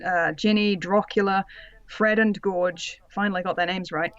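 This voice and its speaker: A woman's voice: mid-range voice, fairly even intonation, normal speed, no echo. A woman narrating a comedic reading with sardonic asides and laughter. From Britain. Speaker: podcast co-host and narrator of the reading. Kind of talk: comedic dramatic reading with commentary. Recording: slightly dull lo-fi audio.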